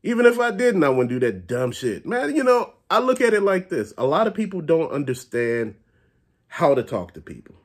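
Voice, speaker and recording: A man from the Chicago area, with a fairly high voice at a normal pace, rants casually to his viewers about a bad trip to a store. He speaks to them directly, animated and blunt, swearing often.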